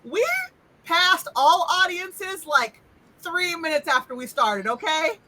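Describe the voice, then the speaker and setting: A woman running a tabletop role-playing game as game master, animated and teasing, laughing often. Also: very high-pitched, slow pace, poor audio. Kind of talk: casual tabletop game narration.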